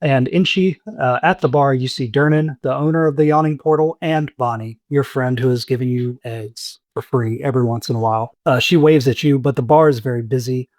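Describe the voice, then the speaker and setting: A man running a tabletop game as game master, explaining rules and scenes in a relaxed way. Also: medium pitch, brisk, hardly any pauses, dry recording.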